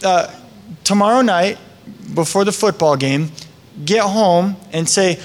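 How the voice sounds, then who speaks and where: A man preaching a sermon in a conversational, joking way with lively asides. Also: sits high, unhurried, long pauses. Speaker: pastor.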